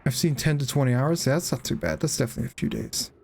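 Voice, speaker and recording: A man's voice: medium pitch, fast talker, gravelly, darkish tone, slight background noise. Tired, rambling male game streamer. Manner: rambling, swears freely, many fillers. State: tired, yawning. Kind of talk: casual live gameplay commentary.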